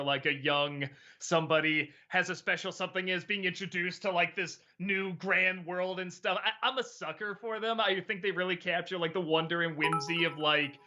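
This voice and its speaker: A man's voice: fairly high pitch, sharp tone, lo-fi sound. A middle-aged man answering viewer questions in a casual livestream chat, rambling, laughing often and swearing freely.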